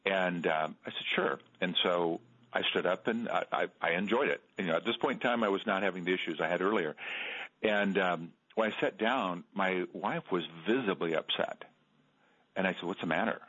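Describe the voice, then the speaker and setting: Low husky-voiced middle-aged man. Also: a bit bright. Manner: halting, repeats words, earnest storytelling. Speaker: author guest. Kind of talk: radio interview. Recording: dull lo-fi radio sound.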